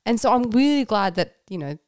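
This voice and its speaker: A woman's voice: mid-range voice, expressive, brisk, darkish tone, clean tone, no room sound, studio quality. A woman speaking candidly and reflectively in a casual conversation about her faith, often laughing and using fillers. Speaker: guest.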